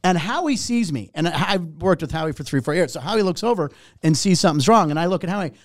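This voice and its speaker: A middle-aged man, a warm-up comedian, telling a story in casual chat, animated and profane, acting out what people said. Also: high voice, fast talker, no echo, clean studio sound. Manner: animated, profane, acts out quotes.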